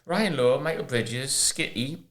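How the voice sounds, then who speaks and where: A man co-hosting a podcast in casual chat, an animated storyteller who mimics old managers. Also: mid-range voice, measured pace. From England or Wales. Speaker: podcast co-host, ex-footballer.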